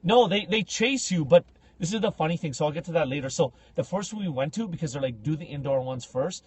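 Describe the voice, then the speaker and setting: A man telling a story on a casual podcast, slangy and animated, acting out the people in it. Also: fairly high pitch, quick pace, slightly rough. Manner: animated, acts out quoted speech with big loud jumps; slangy, says bro and like a lot.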